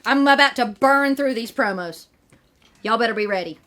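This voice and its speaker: Young woman, high and bright, bantering live-stream seller. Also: normal speed. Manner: playful, bantering. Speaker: guest autograph seller. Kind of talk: live stream sales chat.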